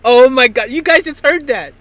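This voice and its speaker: A man's voice: very high voice, normal speed, fairly bright tone, no room sound. A male streamer chatting casually to his live audience, amused and laughing.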